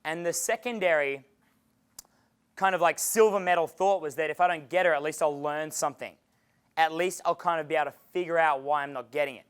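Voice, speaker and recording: A man's voice: on the high side, brisk, a bit bright, smooth. A man giving a seminar as a dating coach, casual and chatty, swearing freely and laughing at his own stories. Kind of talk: seminar lecture.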